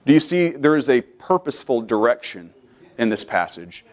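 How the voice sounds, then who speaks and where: A middle-aged preacher in a church sanctuary, mixing calm scripture teaching with surges of raised, high-pitched fervor. He speaks in the rhythm of a pulpit sermon, repeating phrases as he climbs in volume. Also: normal speed. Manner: builds from quiet to loud preaching, rising in pitch as he presses. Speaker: pastor.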